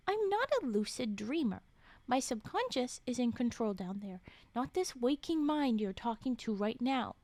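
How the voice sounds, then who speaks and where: A flustered, self-reproaching woman director , voiced by a woman reading a story aloud. She speaks high and with lively swings, hesitant and apologetic. The sound is dry and close. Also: normal speed, no room sound. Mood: earnest.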